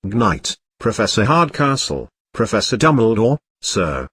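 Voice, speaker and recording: A man voicing a huge, shaggy, soft-hearted male groundskeeper who speaks in a halting, weepy way. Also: lowish voice, very animated, slightly rough, dry recording, studio quality, full character voice. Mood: sobbing.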